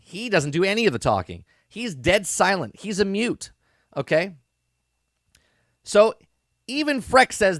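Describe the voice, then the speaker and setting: Podcast host, male, lively rambling review, keeps asking "okay? right?", dry close sound. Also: high-pitched, no echo. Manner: sarcastic asides. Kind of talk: casual review commentary.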